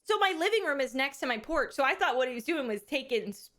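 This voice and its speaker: A woman streamer chatting casually with her viewers, animated and candid, often laughing and swearing freely. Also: high-pitched, fast. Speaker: live streamer.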